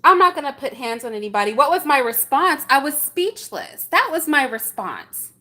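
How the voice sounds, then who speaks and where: A middle-aged woman with a high voice talks straight to her viewers in a loose livestream chat. She tells the story with indignant energy and keeps throwing out rhetorical questions. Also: sing-song, normal speed, sharp tone. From San Francisco, USA. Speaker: vlogger reacting to chat.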